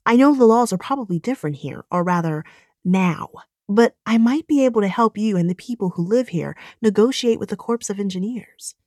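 A woman voicing an earnest young woman pleading with a friend, emphatic and raised a little in pitch. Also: animated, a little fast, darkish tone, dry recording, clean studio sound, lightly acted.

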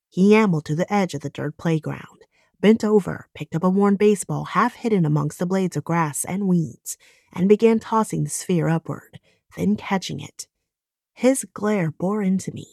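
A woman reading an audiobook in calm, measured narration. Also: lowish voice, gravelly, no room sound, studio quality.

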